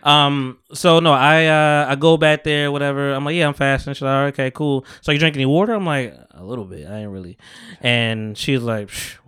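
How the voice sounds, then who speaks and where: A man's voice: fairly high pitch, fairly quick, hardly any pauses, clean tone, no echo, studio quality. A young man hosting a podcast, telling a story in casual chat and acting out the people in it. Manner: animated storyteller acting out quotes. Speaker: podcast host.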